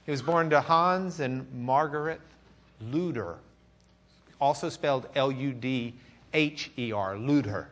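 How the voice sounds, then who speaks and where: A man with a Texan accent, from Lubbock, teaching a church class in a conversational sermon style, swinging between loud questions and quiet musing. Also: medium pitch, a little slow. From Lubbock, Texas.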